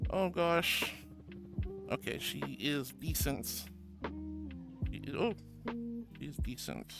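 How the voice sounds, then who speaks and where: A woman's voice: deep voice, animated, slow, gravelly, loud music behind the voice. A woman streaming live, chatting casually with viewers in a bubbly, giggly way, calling them honey and sweetie.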